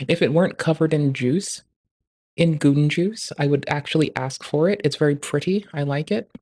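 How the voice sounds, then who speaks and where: A livestreamer in casual commentary, swearing constantly, joking crudely, and rising loud and high when ranting. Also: normal speed. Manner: profane, ranting, crude jokes.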